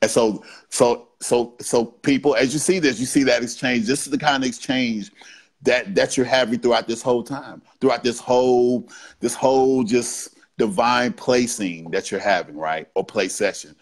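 A man's voice: medium pitch, normal speed. A man speaking as a guest on a podcast, explaining casually in short bursts and often tagging his lines with "right?". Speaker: guest BDSM educator. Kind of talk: casual podcast interview talk.

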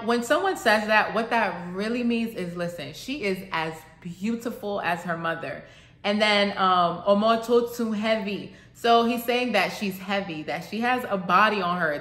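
A woman's voice: medium pitch, fairly bright tone, echoey room. A woman casually explaining song lyrics to her channel's viewers, chatty and thinking aloud as she goes.

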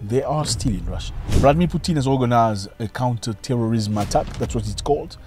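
A man giving opinion commentary on current events in a video, emphatic and full of rhetorical questions, his pitch swinging widely as he argues. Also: lively intonation, fairly quick, over music.

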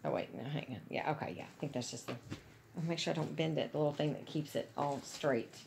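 A woman's voice: low voice, brisk, creaky, darkish tone, slight background noise. A woman chatting casually and gushing to her viewers about gifts she is unboxing. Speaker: vlogger.

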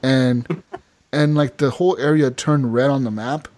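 A man chatting on a gaming podcast, telling a story at a loose, rambling clip. He keeps slipping into the voices of the people he met, piling on fillers like "like" and "you know." His voice sits at an ordinary middle pitch. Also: a little slow. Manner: animated storytelling with quoted voices and filler words. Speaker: podcast co-host. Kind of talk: casual gaming podcast chat.

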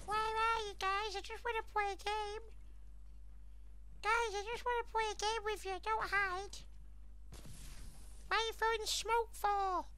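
A man putting on a creepy, high, female-sounding stalker voice in a plaintive, sing-song tease. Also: little pitch movement, a little slow, pauses often, sharp tone, exaggerated voice. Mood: creepy teasing.

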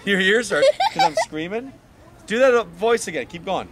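A male teacher leads a storytelling class of children outdoors in the shade. His voice sits a little high for a man and rises and falls a lot. He talks in a playful, coaxing way. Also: lively intonation, moderate pace, a loud crowd, very noisy.

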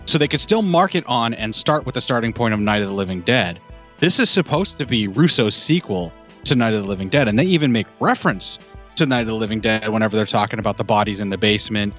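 A man with a fairly low voice talks through film trivia at length in a loose, rambling podcast chat. Faint music sits underneath. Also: animated, fast, a bit bright. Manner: detailed, rambling explanations. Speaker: podcast co-host. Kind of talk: casual film review chat.

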